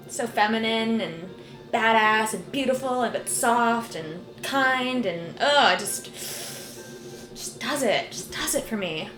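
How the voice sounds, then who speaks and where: A woman streamer giving casual let's play commentary, chatty and gushing, with plenty of "like". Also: mid-range voice. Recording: roomy, game music behind.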